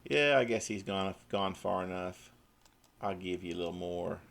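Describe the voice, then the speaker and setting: A man with a Midwestern accent runs an online tabletop game as game master. His voice is low and gravelly. He describes the scene with frequent restarts and fillers. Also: normal speed, fairly bright tone. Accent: Midwestern American.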